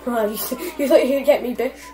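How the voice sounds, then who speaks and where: A young woman giving casual, excitable commentary over gameplay and swearing constantly at her opponents. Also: a little high, a little fast, rough recording. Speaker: gamer. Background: faint game music.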